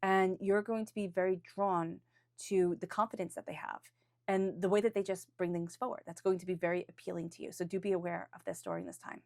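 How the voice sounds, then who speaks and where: A tarot reader gives a weekly forecast in a fairly low, expressive, darkish voice, speaking fairly quickly in a dry, studio-quality recording. Speaking off the cuff, she is earnest and encouraging, often restarts phrases, and now and then calls on angels and spirit guides.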